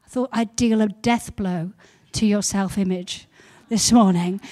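A woman pastor giving a sermon, building to loud repeated emphasis. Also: medium pitch, fairly even intonation, measured pace, hardly any pauses.

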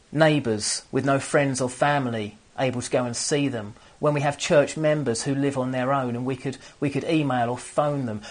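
Earnest preacher, halting restarts. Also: male voice, medium pitch. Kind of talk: sermon. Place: empty church room. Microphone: camera on stands.

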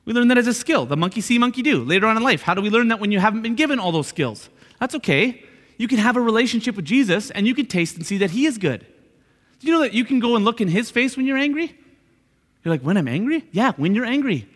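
A man's voice: extremely high pitch, expressive, fast talker, a bit bright. A man preaching a sermon as pastor, talking conversationally and repeating his points with frequent "right?" asides. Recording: long hall reverb.

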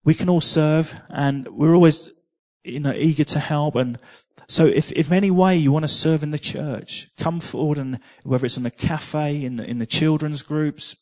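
A man's voice: a little high, darkish tone. A man preaching a sermon, telling a personal testimony in a chatty way, with repeated words and small laughs.

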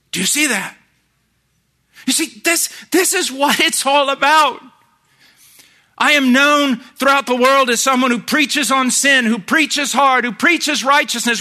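A middle-aged man preaching a sermon, moving between hushed, intense passages and shouted emphasis. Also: extremely high pitch, animated, unhurried.

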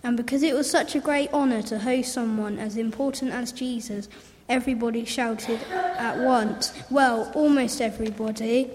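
Woman storyteller, higher voice, long hall reverb, lively reading. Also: slight background noise. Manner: lively, repetitive storybook phrasing.

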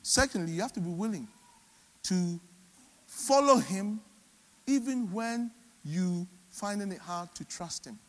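A man preaching a sermon, swinging between loud emphatic peaks and soft low asides. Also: expressive, unhurried, pauses often. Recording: long hall reverb.

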